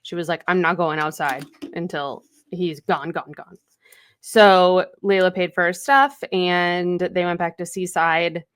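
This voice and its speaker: This podcast co-host has a fairly low, clear, resonant voice, speaking a little slowly with fairly even intonation. She casually retells a novel's chapters, full of fillers and acted-out quotes.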